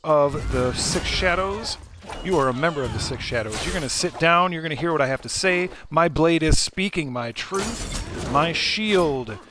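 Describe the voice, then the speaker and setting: A man's voice: fairly high pitch, expressive, normal speed, noisy background, natural voice. A man with a Midwestern accent voicing a defiant, bossy warrior daughter who makes pompous proclamations. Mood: grandiose. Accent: Midwestern American.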